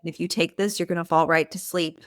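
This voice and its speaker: A woman's voice: fairly low pitch, steady tone, a little fast, fairly bright tone, smooth, no echo, studio quality. Easygoing woman hosting a podcast. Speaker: podcast host. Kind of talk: casual podcast chat.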